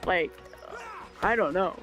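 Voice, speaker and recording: A young woman livestreamer telling a story in casual chat, animated, swearing often and laughing. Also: on the low side, slow, dull audio, over music.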